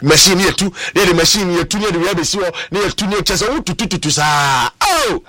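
A Ghanaian man presenting sports on the radio, switching between Twi and English, animated and fond of repeating words. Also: sits high, fast, no room sound. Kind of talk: lively radio sports talk.

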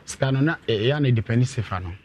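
A man's voice: mid-range voice, animated, fast talker, darkish tone, slight background noise. A man taking part in a radio mediation, explaining his side at length and repeating amounts and dates. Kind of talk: conversational account.

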